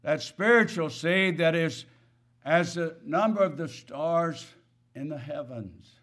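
A man's voice: on the high side, slow, a bit bright. A man preaching a sermon, stressing key words and asking his listeners rhetorical questions.

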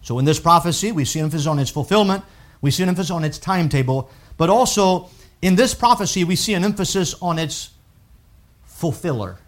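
Male pastor, sermon delivery, fairly high voice, emphatic with loud climaxes. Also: lively intonation, fairly quick. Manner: emphatic, rising to loud peaks when quoting scripture and critics.

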